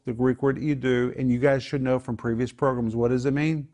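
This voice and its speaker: A man's voice: medium pitch, fairly even intonation, a little fast, hardly any pauses, warm tone. A man teaching the Bible in a home group discussion, explaining Greek words and repeating key phrases for emphasis.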